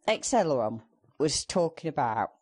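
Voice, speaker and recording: A young man co-hosts a gaming podcast, rambling through casual banter full of fillers with a sarcastic streak. His voice is on the high side, very animated, a little mellow, and moves at normal speed.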